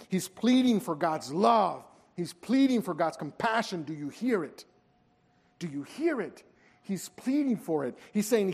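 A man preaching a sermon in an earnest, pleading way, pushing hard at some moments and dropping soft at others. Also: high voice, animated, normal speed. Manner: earnest, pleading, rises and drops in intensity. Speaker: pastor. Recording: hall reverb.

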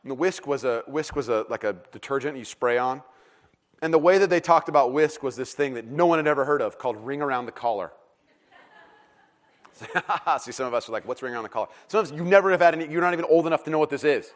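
A middle-aged pastor with a fairly high voice preaches at a quick pace, keeping the sermon casual, jokey and animated, full of fillers and restarts.

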